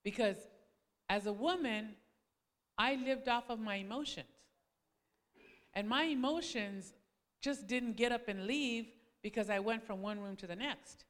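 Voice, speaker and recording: A woman telling a personal story in a sermon to a congregation, animated and dramatic as she acts out quoted arguments. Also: a little slow, long pauses, in a large hall. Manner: animated storytelling, acting out quoted arguments with big pitch swings. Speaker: preacher's wife speaking to a congregation. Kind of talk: sermon-style personal testimony.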